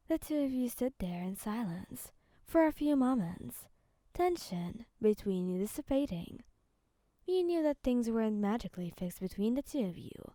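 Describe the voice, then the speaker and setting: A woman narrating a second-person fan story in a soft, calm, even reading voice. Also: on the high side, normal speed, no room sound, studio quality.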